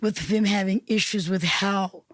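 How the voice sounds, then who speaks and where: A woman's voice: mid-range voice, steady tone, a little slow, a bit bright, no echo, studio quality. A woman from Newark, New Jersey, a councilwoman and reverend, talking emphatically in an interview and repeating phrases the way a preacher does. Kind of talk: conversational interview.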